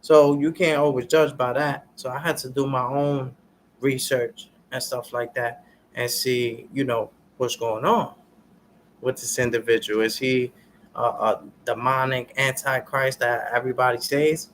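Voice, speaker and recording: A man's voice: mid-range voice, unhurried, a little hiss or hum. Man ranting to his viewers in slang. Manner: street slang, repeats "y'all" and "you understand what I'm saying"; preachy, gets loud and animated when worked up. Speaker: vlogger. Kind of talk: casual ranting commentary to viewers.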